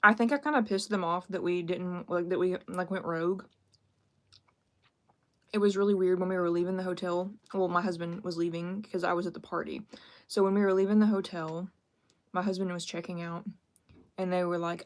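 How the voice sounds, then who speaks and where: A woman's voice: lowish voice, fairly even intonation, a little fast. A young woman chatting casually on a live stream, self-deprecating and thanking viewers as she talks.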